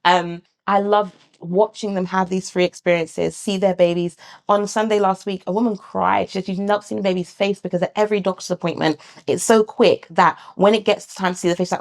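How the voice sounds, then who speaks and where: A British midwife speaks in a relaxed interview, her mid-range voice carrying a gravelly edge. She tells her story with animation, slipping into other people's voices when she quotes them. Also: medium pitch, brisk. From England. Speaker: midwife and founder of a sonogram service. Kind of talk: conversational interview.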